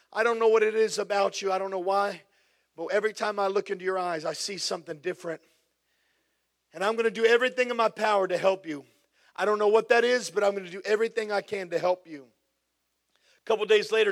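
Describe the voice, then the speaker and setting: Fervent high-voiced male preacher. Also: a bit bright. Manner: fervent, repetitive preaching cadence. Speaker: pastor. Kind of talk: sermon with prayer.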